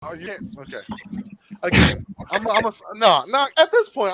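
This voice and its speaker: A man's voice: high-pitched, sing-song, moderate pace, pushed and bright, low-quality recording. A man arguing bluntly and profanely in a heated panel, cutting others off.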